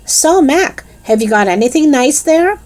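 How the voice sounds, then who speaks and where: A woman's voice: high-pitched, very animated, a little slow, dark tone, voice pushed up. A woman voicing a cheerful, scheming schoolgirl in a read-aloud storybook. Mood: bright. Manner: cheerful and persuasive.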